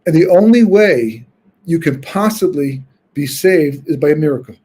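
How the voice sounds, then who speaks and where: Guy w a slightly high husky voice giving a relaxed torah class, kinda talks it out as he goes. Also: moderate pace. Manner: informal storytelling, thinking aloud with frequent restarts. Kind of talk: conversational Torah lecture.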